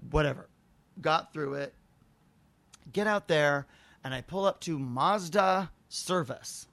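A man's voice: on the high side, slow, dry recording. A man hosting a casual talk show, telling a long story with lots of swearing and acted-out dialogue. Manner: profane, animated storyteller acting out dialogue. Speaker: podcast host telling a story. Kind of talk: casual chat.

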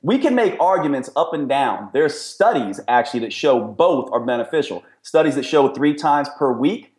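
A man's voice: medium pitch, sing-song, moderate pace, darkish tone, roomy sound. A middle-aged man, a nutrition expert and podcast guest, explaining his views in an emphatic, explanatory way. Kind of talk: podcast interview.

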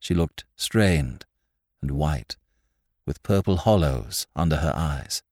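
A man narrating a classic novel as an audiobook, telling the story with expressive rises and falls. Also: rumbling low, slow, no echo, studio quality. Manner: expressive storytelling, rising with excitement.

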